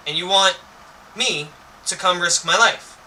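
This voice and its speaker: A cocky, teasing know-it-all boy, voiced by a man reading a storybook aloud. The voice is high and bright, a little distant from the mic, with faint noise behind it. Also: a little slow, exaggerated voice. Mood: smug.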